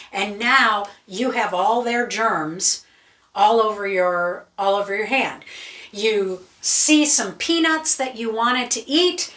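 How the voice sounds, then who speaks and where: A woman's voice: on the high side, pushed and bright, echoey room, far from the mic. A woman vocal coach giving an emphatic teaching talk to camera, checking in with her listeners all the time. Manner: emphatic, keeps checking in with "right?" and "okay?".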